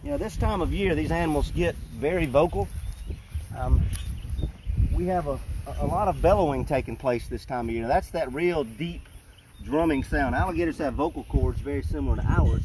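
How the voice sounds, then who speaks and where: A man with a slightly higher voice gives a casual outdoor talk while feeding animals, relaxed and joking as he explains. Loud noise from the outdoors sits under his voice. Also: a little fast. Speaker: alligator park keeper. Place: outdoors by an alligator pond. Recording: noisy outdoor recording.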